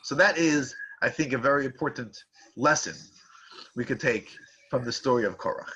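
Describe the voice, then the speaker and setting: A man teaching a class, telling a parable in a lively, animated way with frequent restarts. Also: medium pitch, normal speed, breathy edge, dull audio. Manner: animated storyteller with many restarts. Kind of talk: storytelling lecture.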